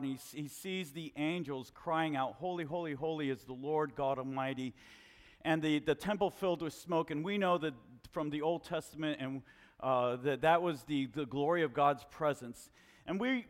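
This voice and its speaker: A man preaching a sermon to his congregation, questioning them in an animated way. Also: fairly high pitch, long reverb tail. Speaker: pastor. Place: church hall with a congregation.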